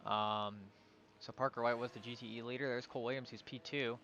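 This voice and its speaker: Man, race commentator, bright voice, faint engine noise, live sim-racing calls. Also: mid-range voice, fairly even intonation, fairly quick, highs cut off. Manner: calling positions, hesitant on names.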